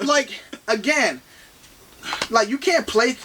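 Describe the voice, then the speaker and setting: A man in his thirties co-hosting a casual movie review podcast, animated and playful, talking fast with lots of restarts. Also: sits high, recorded from a distance, background noise. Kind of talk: casual chat.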